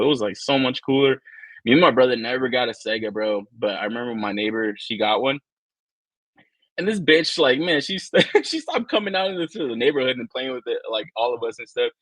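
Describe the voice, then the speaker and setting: With a medium-pitched voice and no room sound, this man co-hosts a toy-collecting live stream. He's a profane, rambling, animated storyteller who casually acts out the people he quotes.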